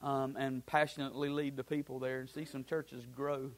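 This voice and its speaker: A man's voice: medium pitch, little pitch movement, moderate pace. A man preaching a sermon as pastor, building his points through repeated phrases and breaking into casual asides.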